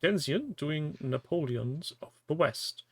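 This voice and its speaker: A man chatting as a guest, halting and repeating words as he starts sentences. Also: a little high, expressive, no room sound. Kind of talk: casual chat.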